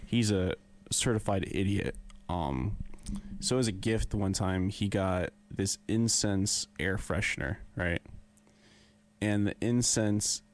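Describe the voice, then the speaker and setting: A man's voice: on the low side, slow pace. A young man co-hosting a podcast, telling a story in a casual, laughing way. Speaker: podcast co-host. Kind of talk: casual chat.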